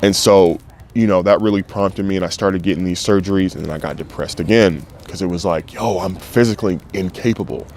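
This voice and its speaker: Brisk and a little mellow, this low-voiced man speaks over soft background music. An American in his thirties who once played football, he talks openly and emotionally in a candid interview, swears freely and acts out the voices of others.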